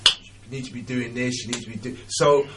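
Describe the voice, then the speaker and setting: An earnest man speaks as a guest on a radio talk show, his voice sitting at an everyday middle pitch. He talks in an encouraging way and keeps catching on repeated words before pressing on. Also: steady tone, a little fast, heavy background noise. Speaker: radio guest, maths teacher. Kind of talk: casual radio chat.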